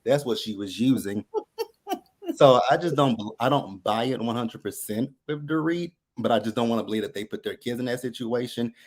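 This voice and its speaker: A man's voice: medium pitch, moderate pace. Emphatic man firing off questions. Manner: emphatic, fires off rhetorical questions. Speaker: caller. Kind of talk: casual chat.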